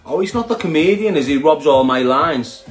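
A Scouse man rants casually to viewers in a fairly high voice, swearing freely and mocking people as he goes. Faint music runs in the background. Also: lively intonation, moderate pace. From Liverpool, England. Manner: sweary, mocking, laughs at his own jokes. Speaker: online commentator.

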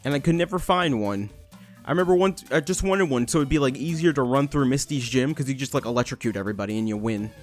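A young man commentating his video game playthrough, rambling and cursing, shouting at the game now and then. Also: mid-range voice, fast talker, faint music behind. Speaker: gaming channel host. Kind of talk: let's play commentary.

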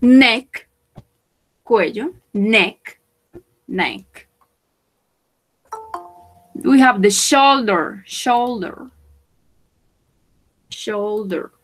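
A woman teaching English vocabulary, repeating each word slowly for pronunciation and switching into to explain. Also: fairly high pitch, lively intonation, rough recording. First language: Spanish. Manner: slow, repeats words for pronunciation. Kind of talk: bilingual vocabulary lesson.

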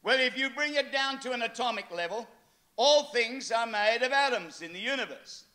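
An older man preaching a sermon, telling stories with animated acted-out quotes. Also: extremely high pitch, moderate pace. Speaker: pastor.

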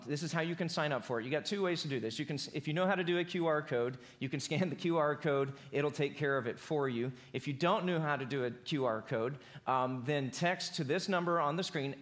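Man, pastor, conversational sermon, fairly high voice. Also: fairly bright tone. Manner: conversational preaching, builds to emphatic peaks. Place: church auditorium.

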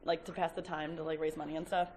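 A woman's voice: sits low, flat delivery, fast, darkish tone, slight background noise. A young woman directing and hosting an improvised home-video skit, giggly and bossy. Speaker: skit host.

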